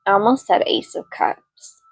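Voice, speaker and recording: A woman's voice: measured pace, soft background music, low-quality recording. A young woman giving a casual, rambling tarot reading with lots of fillers. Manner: rambling, chatty, many fillers; yells at barking dogs mid-reading. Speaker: tarot card reader.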